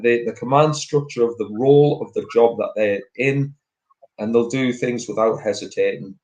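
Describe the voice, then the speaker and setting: A man speaking as a guest in a casual talk, earnest and halting, with many fillers and restarts. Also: mid-range voice, a little mellow, poor audio. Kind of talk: casual political chat.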